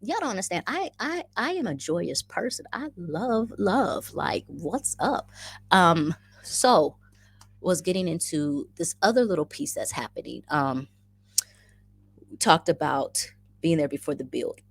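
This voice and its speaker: A woman's voice: sits low, expressive, slow pace, vocal fry, slightly rough, dry recording. A woman hosting a casual livestream, effusively greeting viewers by name and chatting through the comments, often repeating her phrases. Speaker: livestream host.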